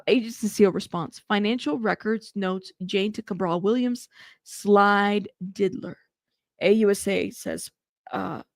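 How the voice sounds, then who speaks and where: A woman's voice: medium pitch, gravelly, dry recording, clean studio sound. A young woman hosting live news commentary, reading court updates aloud and reacting with laughs and asides. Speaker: host reading trial updates.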